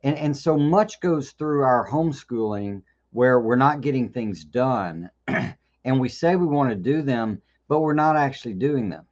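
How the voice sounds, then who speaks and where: A man's voice: medium pitch, lively intonation, measured pace, darkish tone, lo-fi sound. A man hosting a live question-and-answer session, talking in a loose conversational way with frequent restarts and repeated words. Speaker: host. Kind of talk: live Q&A talk.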